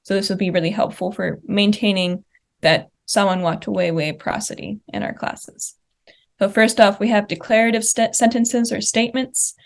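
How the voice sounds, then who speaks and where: Speaking at normal speed in a steady, mid-range voice with vocal fry, a young woman explains the examples on her slides one step at a time while presenting linguistics research at a conference. She now and then uses fillers such as uh and um.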